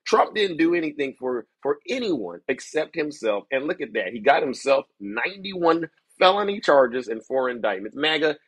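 A man's voice: a little high, big pitch swings, moderate pace, slightly rough, dry recording. A man hosting a political commentary show, ranting to his viewers in a theatrical, mocking showman manner. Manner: theatrical, mocking, showman-like, keeps saying "ladies and gentlemen".

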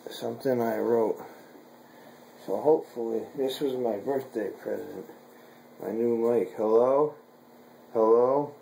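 A man's voice: mid-range voice, steady tone, unhurried, creaky, pauses often, mellow, echoey room, a little hiss or hum, low-quality recording. A man vlogging from home in a casual, frustrated way, swearing at gear that won't work.

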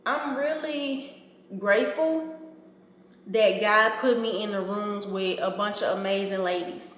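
A woman's voice: mid-range voice, fairly even intonation, unhurried, fairly bright tone. A woman vlogger, talking earnestly to camera and repeating herself for emphasis. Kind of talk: casual heartfelt talk to camera. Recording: echoey room with long reverb.

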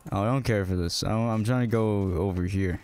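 A man's voice: on the low side, fast talker, darkish tone, clean tone. A male streamer muttering sarcastic, casual commentary while playing a game.

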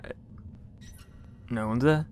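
A man's voice: mid-range voice, slow, a little mellow, slight background noise. A man giving casual gameplay commentary, rambling along with jokey, mock-outraged asides and mild swearing. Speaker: let's play gamer.

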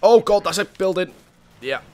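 A man hosting gameplay commentary, excitable and swinging from muttering to yelling as he plays. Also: sits high, normal speed, slight background noise. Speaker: gaming channel host.

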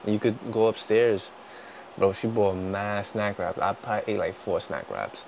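A young man, a vlogger, in casual food-tasting chat, swearing constantly, joking and breaking into loud outbursts. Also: lowish voice, lively intonation, normal speed, gravelly, slight background noise, poor audio.

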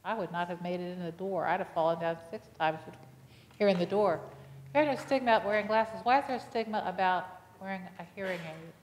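A woman's voice: lowish voice, brisk, a little hiss or hum. A woman pastor preaching a sermon, telling a personal story with acted-out dialogue and putting questions to the congregation. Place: church sanctuary. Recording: long reverb of a church hall.

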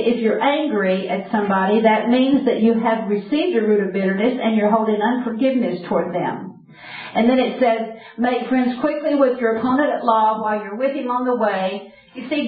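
A woman preaching an earnest sermon and quoting scripture directly. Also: on the high side. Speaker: Bible teacher. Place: camp meeting hall. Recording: distant, echoey, phone-like lo-fi.

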